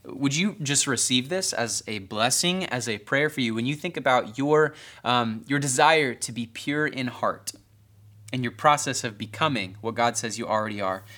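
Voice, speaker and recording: Bright-voiced man preaching conversationally. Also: medium pitch, normal speed. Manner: conversational, self-deprecating humor, drops to soft intense tones for emphasis. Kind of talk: sermon with personal story.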